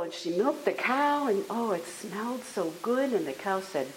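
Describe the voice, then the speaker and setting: Woman storyteller, expressive folktale telling, lively pitch, echoey room. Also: moderate pace, hardly any pauses. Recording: echoey room with faint hiss.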